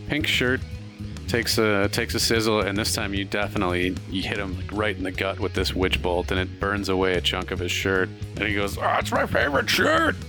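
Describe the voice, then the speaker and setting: A man with a very deep voice runs the tabletop game. He narrates combat in a playful, vivid way, with crude asides. Guitar music plays clearly behind him. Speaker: game master.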